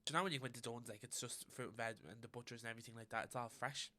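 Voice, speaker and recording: A young man with an Irish accent talks quickly in a bright, forward voice, co-hosting a casual podcast. He is blunt and gossipy, and he swears freely. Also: medium pitch, steady tone. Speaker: podcast co-host. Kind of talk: casual chat.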